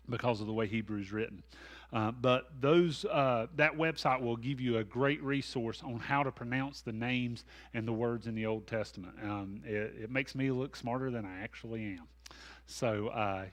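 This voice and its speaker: A man's voice: mid-range voice, fairly bright tone. Male pastor, conversational Bible study teacher who is self-deprecating and full of asides. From American South.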